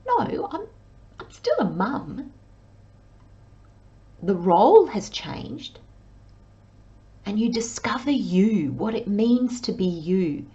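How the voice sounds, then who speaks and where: A woman's voice: mid-range voice, warm tone, dull audio. A woman giving a chatty tarot reading. She talks through her thoughts with plenty of fillers and acts out worried inner voices. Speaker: tarot reader. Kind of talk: monthly tarot reading monologue.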